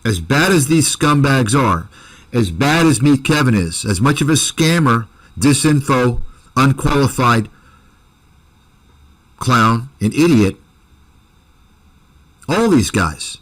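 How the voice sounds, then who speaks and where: A man's voice: mid-range voice, animated, takes it slowly, long pauses, a bit bright, rough recording. A man hosting a commentary channel, delivering a combative, accusatory rant to his viewers that is full of repeated insults.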